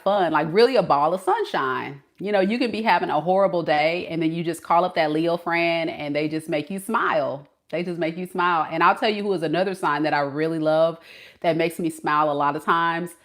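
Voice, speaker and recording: A woman's voice: sits low, a little fast, fairly bright tone. A woman tarot reader hosting a casual live stream. She chats playfully with her viewers, greets them, and laughs often.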